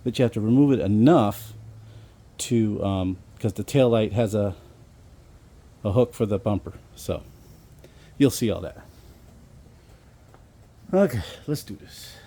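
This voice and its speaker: A man's voice: fairly low pitch, a little slow, long pauses, mellow. Rambling man filming his own car repair. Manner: rambling, self-deprecating, explains as he works. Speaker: DIY car repair vlogger. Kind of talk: casual how-to walkthrough.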